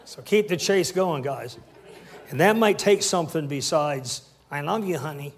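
A man's voice: on the high side, moderate pace, a little hiss or hum. A man in his sixties preaching a sermon with call-and-response and humorous asides. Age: 60s. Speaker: pastor.

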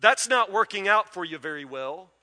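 High bright preacher in a hall. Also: male voice, lively intonation, moderate pace. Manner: folksy storytelling preacher, emphatic repetition. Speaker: pastor. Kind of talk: sermon. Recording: long reverb of a large hall.

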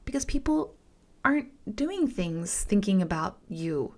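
Woman podcaster venting a personal story, mid-pitched voice, candid, keeps saying "you guys", slips into whispers. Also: very animated, unhurried. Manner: candid, emphatic, repeats words for stress, drops into whispers; addresses listeners as "you guys". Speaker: podcast host.

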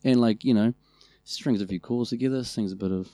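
On a dry recording, a man with a mid-range voice and a New Zealand accent speaks fairly quickly, spinning funny stories about his family. As a podcast co-host he keeps it casual, lively, and liberally sprinkled with swearing.

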